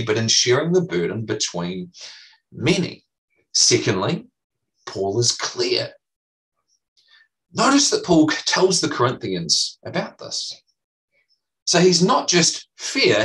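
A man's voice: on the high side, big pitch swings, slow pace, long pauses, fairly bright tone, distant mic, rough recording. A man preaching a sermon as pastor, teaching earnestly and emphatically, repeating key phrases.

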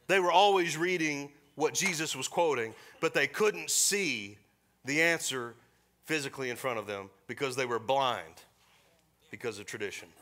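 Animated preacher, bright voice. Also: male voice, mid-range voice. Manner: animated preaching with joking asides. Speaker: pastor. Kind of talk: sermon. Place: church service.

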